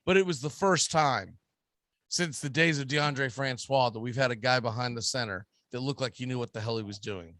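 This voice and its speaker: Brief: Southern US male radio host, animated and opinionated, dry studio. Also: mid-range voice, moderate pace, no room sound. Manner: emphatic, animated, ranting. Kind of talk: casual sports talk.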